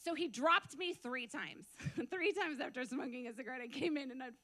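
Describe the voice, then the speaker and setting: A woman delivering a sermon testimony in a high-pitched voice. Her tone is bright and sharp. She tells it as a lively story, breaks into frequent laughs and acts out the dialogue. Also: normal speed. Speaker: preacher giving a testimony.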